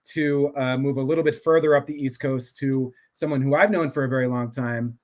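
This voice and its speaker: A man's voice: medium pitch, steady tone, brisk, darkish tone. A man from Boston hosting a livestream, talking loosely and playfully with many fillers. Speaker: livestream host.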